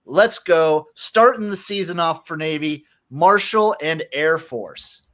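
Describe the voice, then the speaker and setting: Male podcast co-host, slightly higher voice, relaxed picks chat with a blunt edge. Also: slow pace. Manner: laid-back, opinionated, swears casually. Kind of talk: casual sports betting chat.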